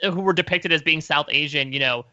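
Bright-voiced man on a podcast. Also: a little high, a little fast, no room sound, lo-fi sound. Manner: opinionated, hedging with "sort of". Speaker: podcast panelist. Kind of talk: casual discussion.

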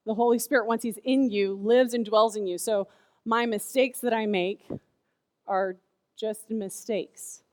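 This youth speaker's voice runs a bit high and unhurried, with no room sound. A woman in her thirties, she delivers a chatty sermon to kids, telling lively stories loaded with "like."

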